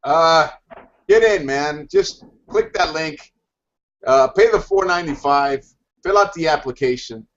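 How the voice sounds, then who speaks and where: A man giving an enthusiastic sales pitch on a video call, talking in fired-up bursts with lots of stammered restarts. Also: lively intonation, a little slow, fairly bright tone. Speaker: hangout participant. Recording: dull lo-fi video call audio.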